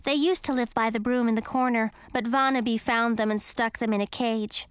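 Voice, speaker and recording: A woman voicing a bossy, talkative female bat, high and teasing. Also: fairly even intonation, brisk, clean tone, no room sound, clean studio sound, natural voice. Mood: chatty.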